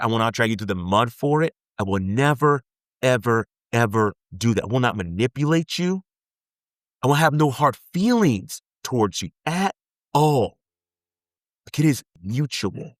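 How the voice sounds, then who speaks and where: Male motivational speaker, earnest and pleading, medium pitch, dry recording. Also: dry recording. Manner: earnest, pleading, repetitive emphasis. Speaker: self-help speaker. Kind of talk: motivational talk.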